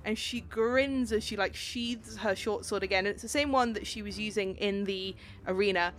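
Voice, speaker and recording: A woman narrating a tabletop game as game master, in a casual, animated way, swearing freely. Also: mid-range voice, normal speed, soft background music.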